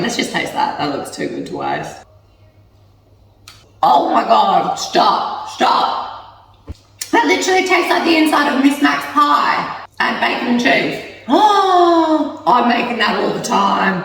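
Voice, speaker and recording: In a home cooking vlog, a woman chats casually, laughing often and poking fun at herself in a high, slightly bright voice. The mic sits at a distance in an echoey kitchen, picking up a little hiss or hum.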